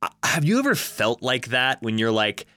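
A man's voice: mid-range voice, very animated, normal speed, pushed and bright, dry recording. A man co-hosting a casual film discussion, thoughtful and working through ideas step by step. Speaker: film podcast co-host.

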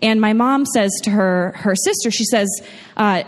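A woman's voice: medium pitch, normal speed. A young woman from New York telling a funny personal story to a live audience, chatty, with frequent laughs and restarts. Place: large room with an audience. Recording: long hall reverb.

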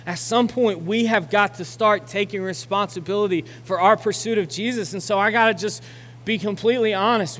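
A young adult man preaching a sermon as pastor, building to loud, urgent exhortation and then closing in a quiet, reflective way. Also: high voice, moderate pace. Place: church auditorium. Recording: long hall reverb with faint noise.

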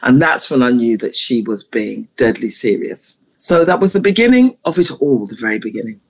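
Lively, husky-voiced woman telling stories. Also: very deep voice, normal speed. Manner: animated, laughs often while telling stories. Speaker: choir conductor, guest. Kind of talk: interview storytelling.

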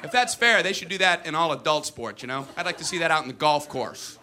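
A man doing a stand-up comedy routine, animated and often slipping into childish voices. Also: fast, noisy background. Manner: animated, slips into high-pitched childish voices. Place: comedy venue before a live audience. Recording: live stage recording with loud crowd laughter.

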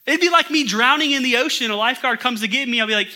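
A man preaching a sermon to his church, reading scripture aloud and breaking into animated, incredulous asides. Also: extremely high pitch, fast talker, few pauses. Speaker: pastor.

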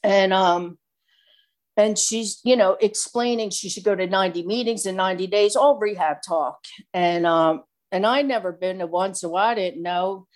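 A woman casually telling a personal recovery story in an animated, chatty way, full of fillers. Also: mid-range voice, moderate pace. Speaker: speaker sharing a recovery story.

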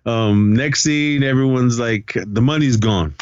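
This podcast co-host has a smooth, mid-range voice and a measured pace, heard in a dry recording with dull audio. In a casual movie recap, he tells the plot loosely, swears freely and acts out quotes from the characters.

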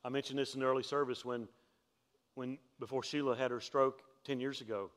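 A male pastor preaching a sermon, telling stories in a conversational way with joking asides and climbing to louder, higher peaks for emphasis. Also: brisk. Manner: animated storytelling, climbs in pitch and force for emphasis; conversational, humorous asides to the congregation.

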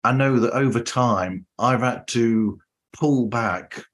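A man's voice: mid-range voice, takes it slowly. A man from the north of England with a Northern English accent, hosting a podcast interview in an easygoing, chatty way. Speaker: podcast host. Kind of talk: casual interview chat.

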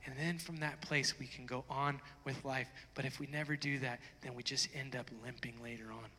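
A man's voice: medium pitch, fairly even intonation, fairly quick. Fervent preacher man in a reverberant hall. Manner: conversational preaching that swells to loud fervent passages. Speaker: pastor. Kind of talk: sermon. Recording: long reverb of a large hall.

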